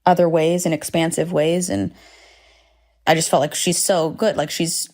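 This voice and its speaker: A woman's voice: sits low, vocal fry, a little mellow. A woman hosting a solo podcast from home, talking candidly and rambling with frequent swearing and self-deprecating asides. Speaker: podcast host. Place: home, indoors.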